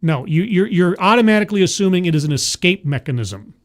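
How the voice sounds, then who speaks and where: Sarcastic live-stream commentator, exasperated and very animated in pitch. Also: fast. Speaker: streamer reacting to a video.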